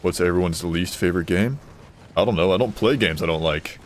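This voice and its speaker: Male streamer, very low voice, offhand joking commentary over faint game noise. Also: brisk. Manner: joking, reading chat aloud, offhand. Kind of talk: casual gaming stream commentary.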